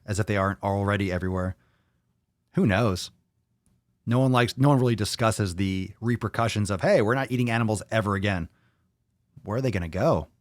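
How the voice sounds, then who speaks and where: A young male podcast host talks in a low register, drifting from thought to thought and swearing casually. He keeps turning to his live viewers with questions. The sound is dry and close, with no room echo. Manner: rambling, profane, asks the audience questions. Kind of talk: casual livestream chat with viewers.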